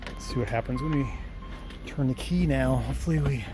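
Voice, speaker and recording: A man's voice: mid-range voice, brisk, music in the background. A man casually narrating his work on an old car, matter-of-fact and slightly out of breath. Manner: matter-of-fact, talks while working. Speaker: mechanic vlogger. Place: garage and then driving a small car. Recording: noisy engine background.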